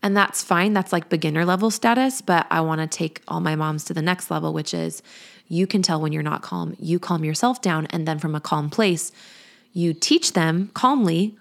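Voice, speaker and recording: A woman in her thirties who works as a parenting coach talks candidly and chattily on a reflective podcast. Her voice sits lowish, with vocal fry, and she speaks at a normal speed in casual podcast conversation.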